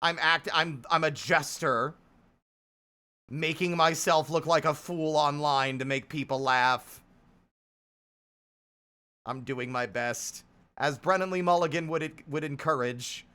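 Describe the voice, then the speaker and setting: A man's voice: fairly high pitch, slow pace, pauses often, sharp tone. A man in his thirties streaming live, chatting casually in a profane, self-deprecating, rambling way. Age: 30s.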